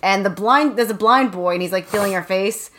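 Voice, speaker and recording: A woman's voice: medium pitch, fairly quick. A woman co-hosting a comedy chat, retelling a story with crude jokes and frequent laughter. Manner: giggly, crude, animated retelling. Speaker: podcast co-host.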